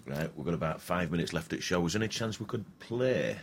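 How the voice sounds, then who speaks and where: A man hosting a radio interview, firing off quick questions and teasing asides. His voice sits a little low, and he talks at a brisk, rapid clip. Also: expressive, background noise. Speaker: radio host.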